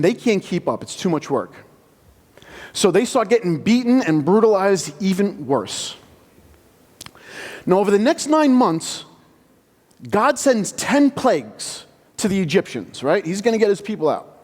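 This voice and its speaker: Animated high-voiced preacher in a reverberant hall. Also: male voice, unhurried, pauses often. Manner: animated, conversational storytelling. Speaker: pastor. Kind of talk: sermon. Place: church sanctuary.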